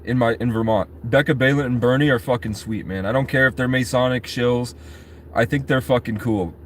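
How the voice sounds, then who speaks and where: A man's voice: mid-range voice, a little fast, a little hiss or hum. A man vlogging in casual, rambling chat, swearing freely and talking straight to his viewers. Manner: rambling, profane, talks to chat.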